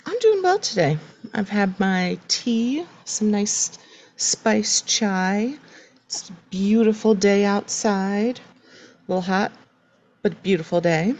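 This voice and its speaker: A woman co-hosting a podcast in casual chat, opinionated and quick to laugh. Her pitch swings widely as she talks, which gives her a lively, expressive sound. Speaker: podcast co-host.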